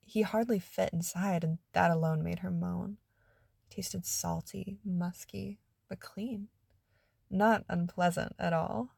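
A woman narrating an adult story in a soft, hushed, intimate reading. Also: lowish voice, fairly even intonation, takes it slowly, vocal fry, husky, dry recording.

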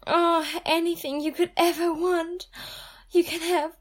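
High voice, unhurried, woman voicing a breathy pleading princess, intimate audio role-play. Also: level tone. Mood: breathless.

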